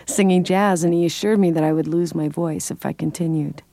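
An older woman from California talks through her life as a jazz singer and voice teacher. Her voice sits a little low, and the sound is dry and close. She explains things patiently and laughs easily. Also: fairly even intonation, a little fast, warm tone, no room sound. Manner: thoughtful, explanatory, laughs often. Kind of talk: interview conversation.

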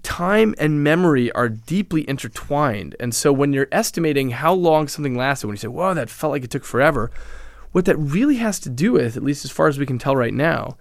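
A man, a neuroscientist guest in an interview, explaining his research in a measured way with frequent restarts. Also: fairly high pitch, expressive, creaky, no room sound, clean studio sound. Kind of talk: interview answers.

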